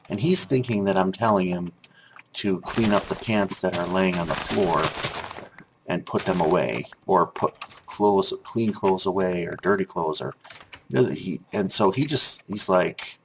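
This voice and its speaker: A man's voice: low-pitched, unhurried, slight background noise. A grown man telling a rambling story over gameplay commentary, with frequent restarts and filler words. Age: adult.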